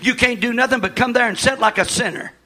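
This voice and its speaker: A man, preaching a sermon as pastor in a folksy way, often shouting and repeating himself. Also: very high-pitched, quick pace.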